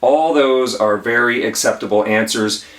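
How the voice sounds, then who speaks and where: A man teaches legal tips at a whiteboard, talking in a casual, emphatic way and repeating his key points. His voice sits at an ordinary middle pitch. It is picked up from some distance away in a roomy, echoing room. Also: normal speed, fairly bright tone. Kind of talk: whiteboard lesson. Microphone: camera mic at a distance.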